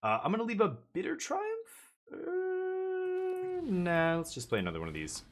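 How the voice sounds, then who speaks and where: A man's voice: on the high side, wildly swooping pitch, quick pace, noisy background. A man chatting casually as he streams a card game, rambling with jokey asides. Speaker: live streamer. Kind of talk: casual gameplay commentary.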